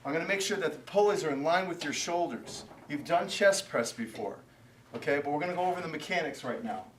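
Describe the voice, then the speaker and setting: A man's voice: a little high, lively intonation, brisk, recorded from a distance, a little hiss or hum. Male personal trainer, barks counts and brief cues, recorded away from the mic in an echoey gym. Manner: counts reps out loud and gives short commands. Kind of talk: workout coaching.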